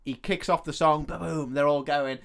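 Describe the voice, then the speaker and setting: A man's voice: fairly high pitch, steady tone, normal speed, gravelly, a bit bright. A man, casual and sweary, retelling a film's plot on a podcast and laughing often as he acts out the characters' lines. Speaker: podcast co-host.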